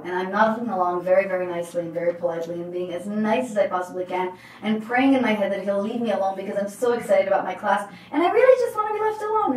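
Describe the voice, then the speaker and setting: A woman who works as a life coach, telling a motivational story in an emphatic, animated way. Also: on the low side. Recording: roomy, distant mic.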